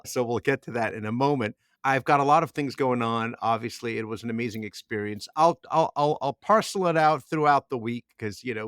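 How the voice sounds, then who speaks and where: A man's voice: mid-range voice, fairly bright tone. A middle-aged man co-hosting a podcast, his voice sitting in a mid range. He tells a long story and keeps restarting and repeating words. The sound is dry and close, with no room echo. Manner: rambling storyteller with frequent restarts. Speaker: podcast co-host. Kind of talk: casual podcast chat.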